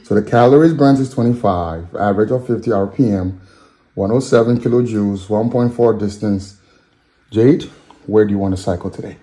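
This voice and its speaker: A man's voice: fairly low pitch, brisk, dark tone. A man in his thirties, a father cheering his family on in a playful home vlog. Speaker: father and vlogger. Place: home gym.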